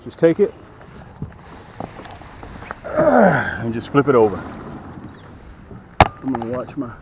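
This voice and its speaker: The audio is very noisy with the highs cut off as a middle-aged boat dealer gives a folksy how-to beside the water. He talks slowly in a mid-range voice with wildly swooping pitch, addressing viewers directly while working, a little out of breath from lifting.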